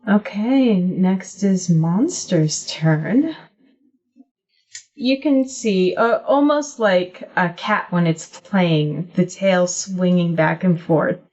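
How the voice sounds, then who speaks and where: A woman's voice: on the low side, takes it slowly, lo-fi sound. A woman running a tabletop game as game master, narrating with easy fillers and frequent giggles. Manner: relaxed, giggly, hesitant fillers.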